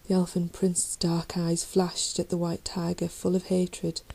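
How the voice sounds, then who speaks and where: Female narrator for a children's fantasy book, low and mellow, reads dramatically. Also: completely flat delivery, unhurried, gravelly, poor audio. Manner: dramatic reading, raising voice for shouted lines. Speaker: audiobook reader. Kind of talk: storybook narration.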